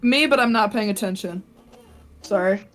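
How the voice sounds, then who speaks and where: A woman at a tabletop game who gushes excitedly when she talks. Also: medium pitch, moderate pace. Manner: excitable, gushing. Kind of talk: casual tabletop game chat.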